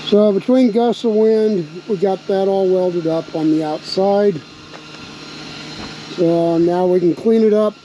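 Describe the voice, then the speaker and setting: A man in a relaxed, casual vlog, thinking aloud as he talks through a project outdoors, with a slight bark in his voice. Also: sits high, takes it slowly. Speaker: RV vlogger building a truck tank. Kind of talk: casual workshop vlog narration. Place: outdoors at a windy campsite. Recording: dull lo-fi outdoor recording with wind noise.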